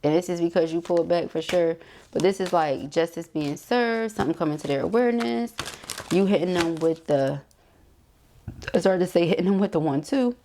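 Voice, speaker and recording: Woman, tarot reader, lowish voice, chatty and emphatic. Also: fairly quick, warm tone, a little hiss or hum. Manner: chatty, emphatic, addresses viewers directly with asides and laughs. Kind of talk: casual tarot reading monologue.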